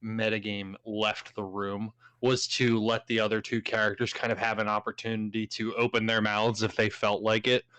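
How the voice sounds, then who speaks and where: A man's voice: on the low side, level tone, normal speed, hardly any pauses, sharp tone, clear, resonant tone, no echo. A man playing in a tabletop game, laid-back and rambling as he tells what his character does. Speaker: player. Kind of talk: casual tabletop play.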